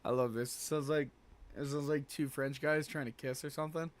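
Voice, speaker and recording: A man's voice: fairly high pitch, fairly even intonation, a little fast. A man reacting to clips on a live stream, casually joking with plenty of crude swearing. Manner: crude, joking, laughs often. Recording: noisy stream audio.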